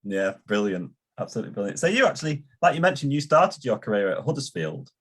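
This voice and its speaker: A male podcast host asking halting questions and cheering his guest on. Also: medium pitch, very animated, slightly rough. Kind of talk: interview questions.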